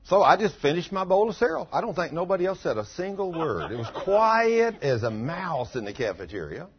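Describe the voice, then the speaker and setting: A man's voice: fairly high pitch, sing-song, a little fast, slight background noise. A man preaching in a folksy sermon, telling a testimony and rising to fervent outbursts. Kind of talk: sermon storytelling. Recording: dull lo-fi recording.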